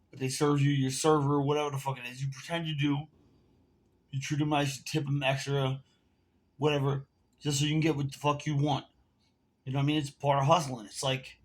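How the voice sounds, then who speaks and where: A man ranting to camera in a casual vlog, telling a heated, profane story while smoking and drinking. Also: medium pitch. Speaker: vlogger.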